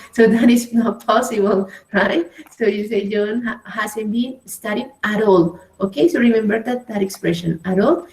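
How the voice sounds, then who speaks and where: A woman's voice: medium pitch, a little mellow, roomy sound, low-quality recording. A woman teaching an English grammar lesson in a patient manner with a Colombian Spanish accent, praising students by name and checking in often.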